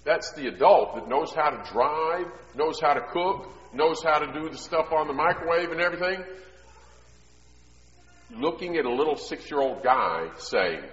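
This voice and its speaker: A man's voice: a little high, animated, moderate pace. Middle-aged man preaching in an echoey hall. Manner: conversational storytelling that swells into loud emphatic preaching. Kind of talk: sermon. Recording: echoey hall, dull sound.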